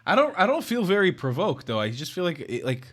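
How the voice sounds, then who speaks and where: A man's voice: high-pitched, sing-song. A man hosting a live stream who talks bluntly and swears, often breaking into mock crying and laughter. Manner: fast, brash, blunt talk to callers. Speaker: livestream host. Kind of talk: casual live-stream debate chat.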